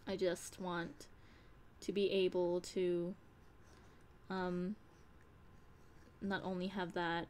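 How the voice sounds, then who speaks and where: A woman's voice: lowish voice, a little mellow, a little hiss or hum. A young woman talking on a live stream, in a candid, rambling way with casual swearing. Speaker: streamer and audio creator.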